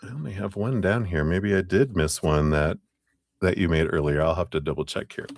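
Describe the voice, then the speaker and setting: A man's voice: low voice, a little fast, vocal fry, dry recording, clean studio sound. A man hosting a live tarot reading stream, chatting casually, often apologizing and laughing between readings.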